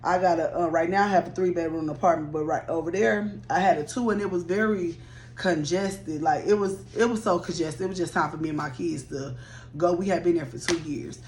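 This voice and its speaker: A woman in her mid-thirties telling a rambling personal story to her viewers, chatty and animated. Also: lowish voice, a little fast, slight background noise. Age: 30s.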